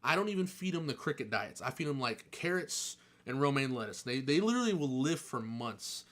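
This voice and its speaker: A man casually answering chat questions on a live stream, chatty and excitable, joking and laughing often. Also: mid-range voice, fairly quick.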